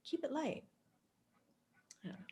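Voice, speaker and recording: A woman's voice: moderate pace, a little mellow. A woman in casual podcast chat, talking animatedly, laughing often and acting out quoted voices. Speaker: co-host.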